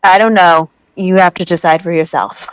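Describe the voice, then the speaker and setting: A woman's voice: fairly low pitch, fairly even intonation, normal speed, smooth, no echo, rough recording. A woman co-hosting a casual livestream, speaking in a sarcastic, skeptical way.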